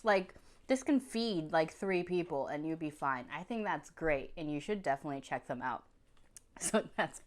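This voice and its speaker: A young woman with a fairly low voice reviews food on camera in an easy, chatty way. She gushes over each bite and laughs as she goes, like a friendly food vlogger. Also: animated, normal speed. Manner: chatty and effusive, laughing between bites. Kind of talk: casual mukbang food review.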